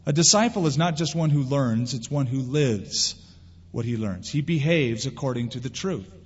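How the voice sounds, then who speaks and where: A male pastor preaching a sermon in an animated way, acting out quoted voices. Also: medium pitch, normal speed, breathy edge. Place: church sanctuary. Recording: dull lo-fi sound with long hall reverb.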